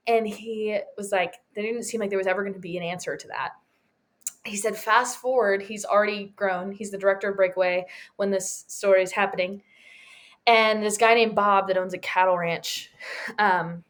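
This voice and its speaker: A woman teaching a Bible study, telling stories and acting out the people she quotes. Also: mid-range voice. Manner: animated storyteller, acts out quotes, laughs often. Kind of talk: conversational Bible teaching with storytelling.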